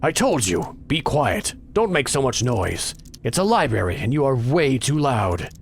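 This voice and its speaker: Scolding, fussy librarian for a game, read aloud by a man, animated pitch. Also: unhurried, creaky, slight background noise. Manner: scolding, insistent. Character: stern fussy male librarian.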